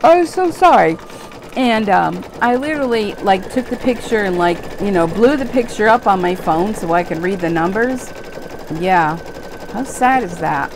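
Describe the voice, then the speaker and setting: Brief: woman, embroidery vlog host, rambling and chatty, a bit tired, slightly gravelly, faint machine hum. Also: medium pitch, normal speed. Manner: rambling, chatty, self-deprecating, lots of fillers. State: tired, yawning. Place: home sewing room, sewing machine running.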